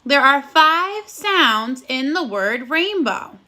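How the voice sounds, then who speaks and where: A woman teaching a recorded phonics lesson to young children, encouraging them and sounding out words slowly and clearly. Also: sits high, expressive, sharp tone. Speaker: first grade teacher.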